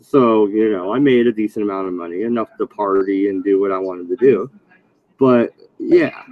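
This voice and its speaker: A man's voice: lowish voice, moderate pace, no echo, narrow, tinny audio. A man in casual chat on a voice call, laid-back, swearing and laughing at his own stories. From Oregon, USA.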